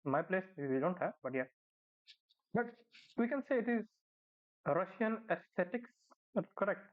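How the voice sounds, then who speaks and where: A man's voice: high-pitched, expressive, moderate pace. A man with an Indian accent from India, casually reacting to a video with many fillers and tag questions. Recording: tinny phone-like sound.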